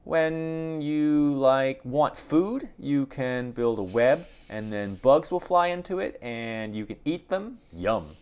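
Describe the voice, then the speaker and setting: A man voicing a small giggly spider in a quiet, high-pitched, childlike voice. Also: slow, hardly any pauses, clean tone. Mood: curious. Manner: childlike, chirpy. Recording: steady background noise.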